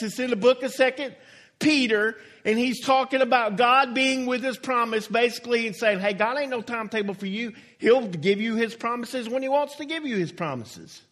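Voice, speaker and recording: High-voiced, slow-preaching pastor. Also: male voice, a bit bright. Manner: folksy, emphatic preaching with drawn-out stresses. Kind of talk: sermon.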